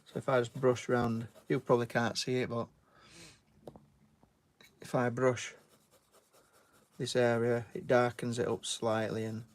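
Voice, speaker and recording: A man's voice: mid-range voice, flat delivery, unhurried, long pauses. A British man chatting casually while giving a drawing tutorial and thanking viewers. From Britain. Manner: chatty, reads out viewer names and thanks them, "mate". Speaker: artist live-streaming.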